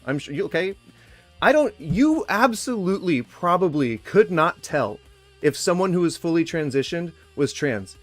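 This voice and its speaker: A man in his forties from Sacramento speaks straight to camera in a fierce, profane rebuttal, swinging between open anger and sarcastic mock-sympathy. His voice sits a little higher than most men's. Faint music plays behind him. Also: sing-song, moderate pace. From Sacramento, California. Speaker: vlogger responding to a critic. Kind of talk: ranting direct-to-camera rebuttal.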